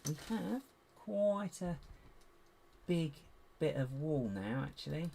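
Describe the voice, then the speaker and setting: Man with a cracky, gravelly voice. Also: a little high, lively intonation, slow, mellow. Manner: mutters to himself while sorting bricks. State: voice going cracky, needs a drink. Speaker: LEGO builder and streamer. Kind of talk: casual live build commentary.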